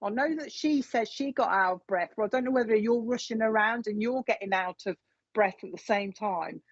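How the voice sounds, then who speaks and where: A woman's voice: a little high, normal speed, no room sound. A woman giving a live mediumship reading in a chatty, repetitive way. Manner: chatty, repeats messages from spirit. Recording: dull, dry lo-fi sound.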